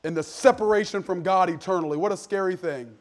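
A man in his thirties preaching a sermon in a church, shifting from loud emphasis to hushed personal storytelling. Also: high voice, quick pace. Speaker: pastor. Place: church sanctuary.

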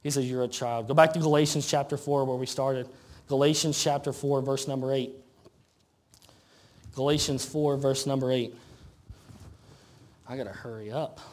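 A pastor preaching a conversational sermon, asking rhetorical questions and reading scripture slowly. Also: male voice, mid-range voice, fairly even intonation. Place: church sanctuary.

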